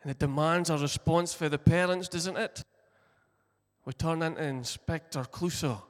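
A Scottish man preaching a sermon as pastor, telling the story earnestly with deliberate emphasis. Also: a little high. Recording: long reverb of a large hall.

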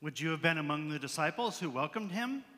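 A man's voice: on the high side, expressive, a little fast, pushed and bright. A male pastor preaching and praying in a casual, conversational way in a church sanctuary. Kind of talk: sermon with prayer. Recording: long church hall reverb.

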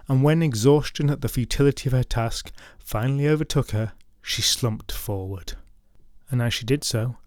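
A man narrating a folklore podcast story, mixing dramatic retelling with wry, deadpan comic asides. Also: on the low side, dry recording, clean studio sound.

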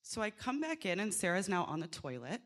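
A woman working as a doula, telling a lively true story with swearing, acting out the people she quotes. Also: medium pitch, brisk. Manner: animated, swearing, acts out quotes. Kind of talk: live storytelling.

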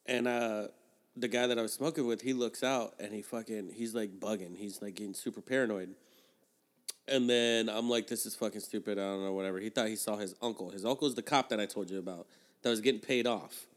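A man's voice: fairly low pitch, fairly even intonation, brisk. Profane, rambling man on a podcast. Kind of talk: casual podcast chat.

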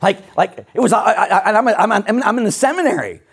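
Animated priest with a lively voice. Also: male voice, high voice, a little fast, vocal fry, breathy edge. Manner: animated storytelling, laughs at himself. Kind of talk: sermon.

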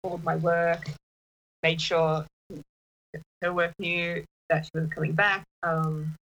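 A woman telling a personal story in casual chat, halting, with many restarts. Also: lowish voice, little pitch movement, fairly bright tone, dull audio. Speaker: partner sharing a personal story.

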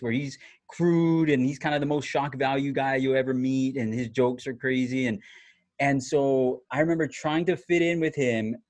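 A man tells a long story in relaxed chat, his voice animated and often breaking into laughter. He restarts his sentences and leans on fillers. The sound is dry and close, with no room echo. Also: mid-range voice. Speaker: former TV reporter telling a story.

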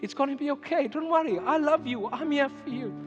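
A pastor voicing a gentle comforting dad. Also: male voice, very high-pitched, fairly quick, lo-fi sound, voice pushed up. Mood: reassuring. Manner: soft, reassuring. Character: gentle loving young father comforting son. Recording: echoey church hall with music underneath.

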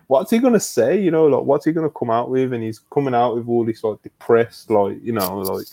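A man's voice: mid-range voice, fairly quick, vocal fry. A man co-hosting a wrestling podcast, telling it casually with lots of slang and swearing. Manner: animated, slangy, swears a lot, says "bro" often. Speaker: podcast co-host. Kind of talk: casual wrestling review chat.

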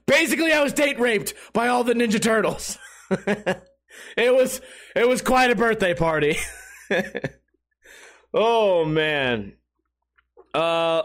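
A man's voice: high voice, fairly bright tone. A man chatting casually on a stream, telling rambling stories full of swearing and giggles. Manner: profane, giggly storytelling.

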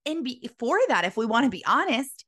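A woman's voice: fairly high pitch, very animated, a little fast, fairly bright tone. A woman giving a motivational Christian sermon in an earnest, urgent, exhorting manner. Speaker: Christian speaker.

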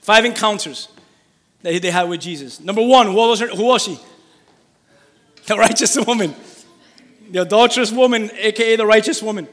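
A man preaching a lively sermon, reading scripture aloud and calling for answers from the congregation. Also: sits high, moderate pace, long pauses. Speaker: pastor. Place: church hall. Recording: long hall reverb.

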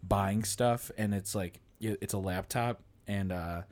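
A man's voice: fairly low pitch, unhurried, a little mellow. A man co-hosting a casual podcast, telling rambling stories full of swearing and laughter. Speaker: podcast co-host.

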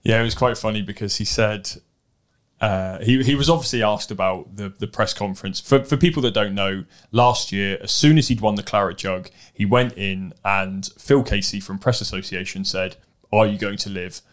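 A man with a fairly low voice chats casually as a podcast co-host. He talks in an animated, storytelling way, full of quick asides. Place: live event venue.

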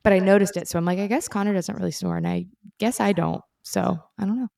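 A young adult woman co-hosting a podcast, chatting in a relaxed, rambling way. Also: medium pitch, quick pace, creaky, no room sound, studio quality. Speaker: podcast co-host. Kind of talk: casual chat.

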